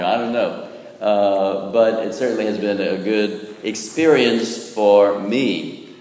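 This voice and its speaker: Folksy priest preaching in an echoing church. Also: male voice, fairly low pitch, darkish tone. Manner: folksy, humorous, asks "right?" often. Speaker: Catholic priest. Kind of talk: sermon. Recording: echoey church with long reverb.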